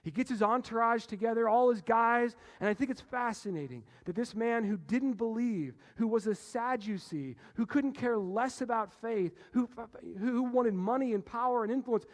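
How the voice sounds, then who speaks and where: High-voiced preaching man in a reverberant hall. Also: moderate pace, hardly any pauses. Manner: animated, swings between loud emphasis and hushed low passages. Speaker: pastor. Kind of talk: sermon. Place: church sanctuary. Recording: long reverb of a church hall.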